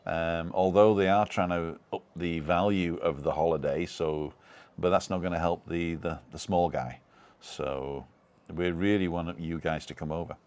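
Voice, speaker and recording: A British man hosts a live stream from home, reading viewer comments aloud and chatting in a loose, rambling way. His voice sits very low, and he leans on fillers and false starts. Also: fairly even intonation, a little slow, a little mellow, clean tone. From United Kingdom.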